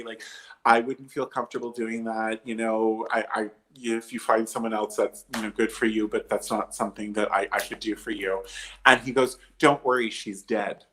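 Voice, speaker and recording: A drag performer on a livestream video call, telling a story in an animated, emphatic way and acting out each quoted line. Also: male voice, on the low side. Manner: chatty, emphatic, swears, acts out quoted dialogue.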